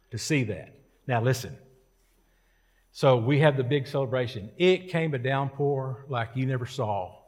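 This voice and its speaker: A man's voice: medium pitch, in a large hall. A man preaching a casual sermon, telling a story in a folksy, joking way.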